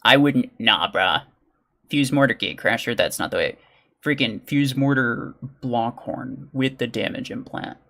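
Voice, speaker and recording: A man's voice: mid-range voice, a little slow, sharp tone. A man streaming a video game live, chatting casually with viewers and muttering as he plays. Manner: chatty, reads and answers chat, mutters during play. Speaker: gaming livestreamer. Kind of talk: casual live-stream chat while playing.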